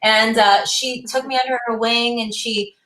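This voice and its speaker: A woman who boxes, a guest on a talk show, telling a story in an earnest, relaxed way. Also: fairly high pitch, normal speed. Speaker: guest boxer. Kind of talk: casual storytelling. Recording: roomy echo.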